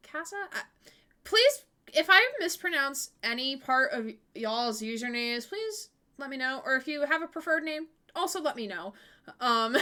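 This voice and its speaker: A woman hosting a live stream who chats with viewers and reads out their messages, bubbly and quick to laugh. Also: sits high, bright, forceful tone. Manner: bubbly, laughs often, chatty with fillers. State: hiccuping. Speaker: streamer host.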